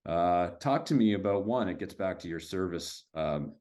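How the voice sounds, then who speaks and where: A man's voice: low voice, expressive, normal speed, a little mellow. A man hosting an interview and asking loose, encouraging questions with plenty of fillers. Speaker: podcast host. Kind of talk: casual interview chat.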